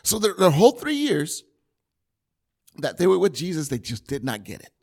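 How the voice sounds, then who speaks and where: A man preaching a sermon in a conversational, animated way, with everyday examples. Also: fairly high pitch, moderate pace, breathy edge.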